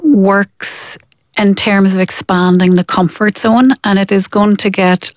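Woman guest, mid-pitched, lively and explanatory, dry close-miked studio sound. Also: measured pace, no room sound. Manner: animated, acts out quoted parents. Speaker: parenting expert guest. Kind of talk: conversational interview explanation.

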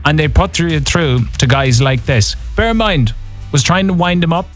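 A man's voice: on the high side, animated, moderate pace, faint music behind. A man hosting an evening radio show, telling a wry story in a casual, chatty way. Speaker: radio host. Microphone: studio microphone.

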